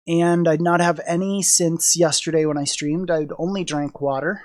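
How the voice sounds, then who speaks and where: A man's voice: fairly high pitch, steady tone, moderate pace, hardly any pauses, darkish tone. A sick, weak man talking in a casual vlog from indoors, out of breath, sighing and swearing as he rambles. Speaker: streamer vlogging about being sick. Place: indoors at someone else's house.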